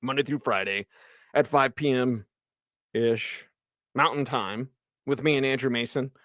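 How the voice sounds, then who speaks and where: Casual sports host talking football. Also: male voice, mid-range voice, unhurried, dry recording, studio quality. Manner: casual, animated, reads live chat aloud. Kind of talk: solo postgame livestream recap.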